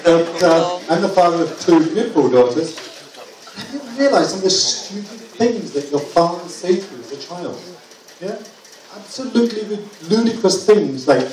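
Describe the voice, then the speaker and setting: A man's voice: high-pitched, lively intonation, normal speed. A middle-aged man doing a stand-up set, chatty and often asking the crowd for agreement, on a club stage with a handheld mic. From England. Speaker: stand-up comedian. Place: comedy club stage with live audience. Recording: echoey club, far mic, loud crowd.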